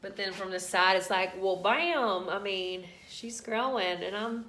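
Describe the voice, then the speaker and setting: A woman's voice: medium pitch, fairly even intonation, normal speed, pushed and bright. Chatty woman vlogging in a roomy space. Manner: candid, chatty, emotional. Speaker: vlogger sharing a pregnancy update. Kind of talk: casual personal storytelling to camera. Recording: roomy echo.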